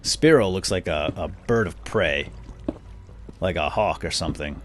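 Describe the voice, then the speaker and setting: A man's voice: low-pitched, animated, a little slow, soft background music. A man casually recapping a cartoon while playing a game, rambling with many fillers and chuckles.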